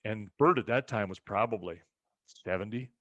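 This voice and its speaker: A ranch co-host from the rural western United States tells casual family stories, animatedly acting out other people's lines. His voice is lowish and moves at normal speed, and the audio is dull with no echo.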